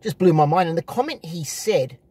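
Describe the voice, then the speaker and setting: A slightly husky, fairly high-pitched man talks into a close phone from his parked car. He rambles, repeats phrases and fills gaps with uhs. The sound is dry and close, with no room echo. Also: expressive, fairly quick, a little mellow. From Australia. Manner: rambling, repetitive, with many restarts and uh fillers. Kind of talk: casual vlog monologue.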